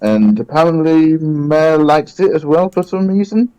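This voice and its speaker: Mellow-voiced man at the game table. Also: fairly high pitch, animated, unhurried, smooth, rough recording. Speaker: player. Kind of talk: casual tabletop play.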